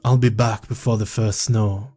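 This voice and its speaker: A man voicing a steady rural husband and hunter in an attempted Scottish accent, plain and reassuring. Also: on the low side, normal speed, husky.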